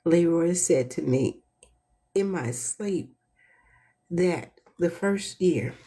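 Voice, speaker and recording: A woman hosting a heartfelt, casual inspirational talk, earnest and lively when she tells a story. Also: on the low side, extremely slow, long pauses, breathy edge. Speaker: host.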